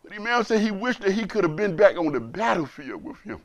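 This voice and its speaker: A man with a high voice delivers an impassioned sermon as imam, driving his points home by repeating them. His words come through close and dry, with no room sound around them. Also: sing-song, brisk, no echo. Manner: emotional, impassioned preaching; repeats phrases for emphasis.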